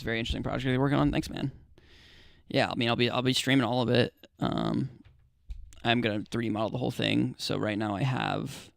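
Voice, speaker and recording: A man's voice: medium pitch, vocal fry, dry recording, clean studio sound. A young American man chatting casually with viewers on his live stream, laid-back and rambling, with lots of fillers and restarts. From United States. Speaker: livestreamer.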